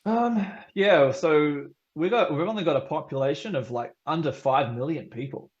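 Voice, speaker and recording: A man's voice: fairly high pitch, moderate pace, muffled recording. A man with a New Zealand accent chatting casually as a podcast guest, laughing often and filling gaps with ums. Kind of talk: casual chat.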